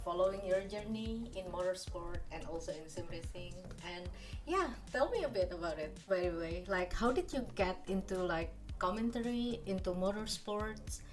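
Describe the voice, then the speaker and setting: A woman hosting a podcast, talking in a bubbly, casual way full of fillers. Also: on the low side. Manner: bubbly, filler-heavy chat with many "like"s. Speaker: podcast host.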